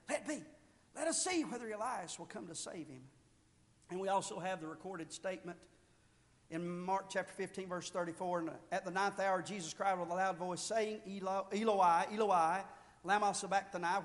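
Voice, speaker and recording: A man preaching a sermon with fervor, rising to loud shouted peaks and then dropping low and quiet. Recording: long reverb of a large hall.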